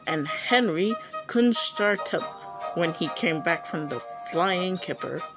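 A woman narrating a children's engine story in an unhurried, plain storytelling voice. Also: on the low side, animated. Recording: loud background music.

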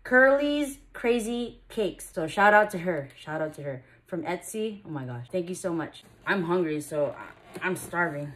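A young woman vlogging casually, chatty and excitable, sometimes breaking into happy tears. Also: fairly low pitch, measured pace. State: out of breath. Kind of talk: casual vlog, opening an anniversary gift.

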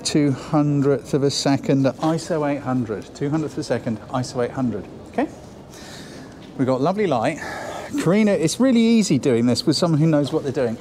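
A man's voice: a little high, darkish tone, a little hiss or hum. A man teaching photography on a shoot, chatty and encouraging, thinking aloud as he works. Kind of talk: on-location photo lesson. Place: outdoors then inside a building on a shoot.

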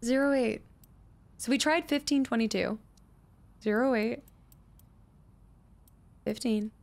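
A woman's voice: a little high, takes it slowly, vocal fry. A woman commenting on her own gameplay, muttering number combinations to herself, chatting with viewers and laughing often. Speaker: gaming streamer. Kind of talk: let's play commentary.

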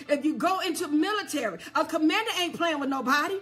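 A woman preacher giving a sermon, repeating refrains and asking the congregation if they hear her, building up to shouts. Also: sits high, lively intonation, a little fast, hardly any pauses, soft background music.

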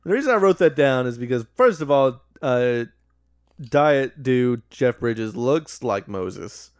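A man's voice: medium pitch, expressive, a little slow, a little mellow, clear, resonant tone, no room sound, studio quality. A man co-hosting a podcast, recapping a movie in casual, sarcastic, profane chat. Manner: sarcastic, profane, laughing at his own jokes. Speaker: podcast co-host.

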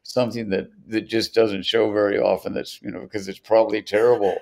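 A man's voice: fairly low pitch, level tone, fairly quick, vocal fry, darkish tone. An older man, a songwriter guest on a podcast, telling long anecdotes with many restarts. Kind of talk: storytelling in a podcast interview.

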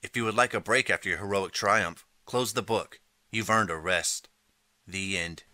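A man reading an interactive audiobook in steady second person and calling out page choices. His voice sits low and comes across sharp and forceful. The recording is dry and close. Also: moderate pace, no echo. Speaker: audiobook narrator. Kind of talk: scripted second-person narration.

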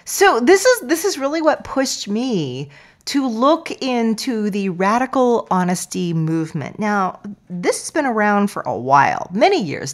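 A woman hosting a podcast, talking in a playful, expressive way and sometimes dropping to a soft near-whisper. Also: medium pitch. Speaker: podcast host. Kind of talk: podcast intro monologue.

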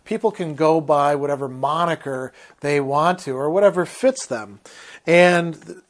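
A man lectures on literature in a thoughtful, unhurried way, often restarting his sentences. He breaks off to read passages aloud, and his voice sits fairly high for a man.

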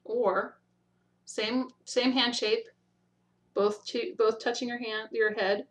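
A woman's voice: fairly high pitch, fairly even intonation. A woman teaching signs in a video lesson, patient, demonstrating each one and often checking in with "okay?". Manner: demonstrates slowly, repeating each word. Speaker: sign language teacher.

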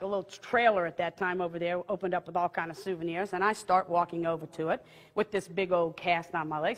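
A woman telling a personal story with animated delivery, laughing often and jumping into high excited outbursts. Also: big-room sound. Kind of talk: testimony storytelling.

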